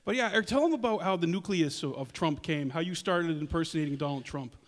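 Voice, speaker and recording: Chatty comedian in a reverberant hall. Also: male voice, on the high side, lively intonation, quick pace. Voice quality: chatty, hesitant, self-deprecating. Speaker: stand-up comedian. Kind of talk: stand-up comedy set.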